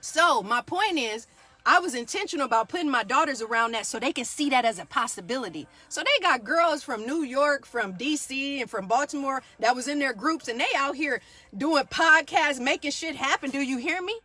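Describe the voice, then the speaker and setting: Woman, 40s, yoga teacher, bright preachy motivational energy. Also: high voice, animated, normal speed. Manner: fired-up, preachy, keeps asking "do y'all hear me". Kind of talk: motivational live talk.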